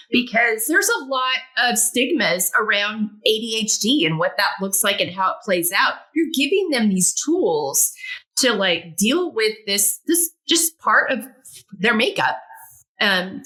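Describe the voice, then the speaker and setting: Female podcast host; bright, affirming, conversational. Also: on the high side. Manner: warmly affirming, frequent short agreements. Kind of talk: casual interview chat.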